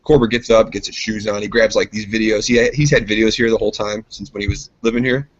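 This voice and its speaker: A man's voice: fairly low pitch, fairly even intonation, fast. A man co-hosting a casual podcast, telling a rambling, profane story and mimicking his friends. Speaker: podcast co-host. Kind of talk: casual chat. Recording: dull lo-fi sound.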